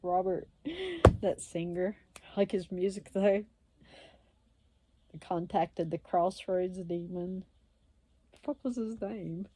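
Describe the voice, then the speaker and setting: A woman's voice: lowish voice, fairly even intonation, slow pace, long pauses, mellow, dry recording. A woman telling a story in a casual, blunt way, swearing and laughing often. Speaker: self-described witch and medium, vlogger.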